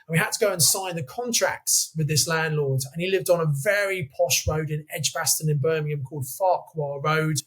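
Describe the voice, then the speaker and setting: A man in his fifties, a podcast guest telling animated anecdotes in a chatty way. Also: fairly high pitch, brisk, few pauses. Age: 50s. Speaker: guest, property investor. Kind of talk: podcast interview storytelling.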